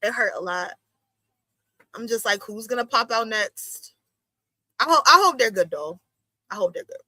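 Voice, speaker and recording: A young woman hosting a wrestling watch-along stream, talking casually in slang and jumping into high exclamations as she reacts. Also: expressive, normal speed, bright, forceful tone, no echo. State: itchy watery eyes from allergies. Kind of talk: casual live-stream commentary.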